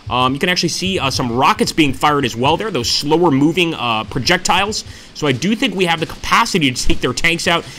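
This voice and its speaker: A man talking through a strategy game as he plays it, excited and chatty, forever calling out to his viewers. His voice has a bright, forward edge, with a faint hiss under it. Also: on the high side. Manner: enthusiastic, keeps addressing viewers as guys. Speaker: gameplay commentator. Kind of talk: let's-play commentary.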